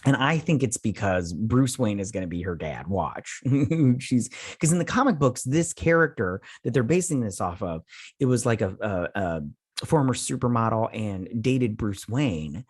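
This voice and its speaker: A man's voice: on the low side, lively intonation, a little slow, breathy edge, no room sound, studio quality. A man hosting a casual TV episode recap and review, rambling with lots of fillers and sounding exasperated. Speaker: TV review host.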